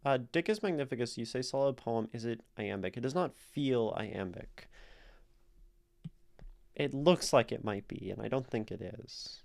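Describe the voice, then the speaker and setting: A man's voice: mid-range voice, animated, moderate pace, creaky, a little mellow. A man hosting a live stream, casually explaining poetry, thinking aloud and answering questions from chat. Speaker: streamer host critiquing poetry.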